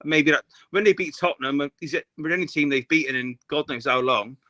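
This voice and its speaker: A man's voice: on the high side, fairly quick, bright, forceful tone. A man, co-hosting a casual football chat, opinionated and rambling with many restarts. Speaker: podcast co-host.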